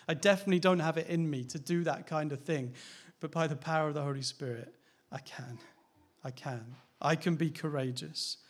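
Man preaching a conversational sermon. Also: fairly high pitch. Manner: conversational, candid, with rhetorical questions and light laughs. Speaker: pastor.

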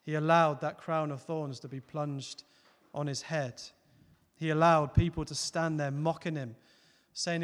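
A man's voice: on the high side, fairly even intonation, measured pace. Earnest preacher man in echoing hall. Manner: earnest, builds to loud emphatic peaks then drops soft. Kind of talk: sermon. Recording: long hall reverb.

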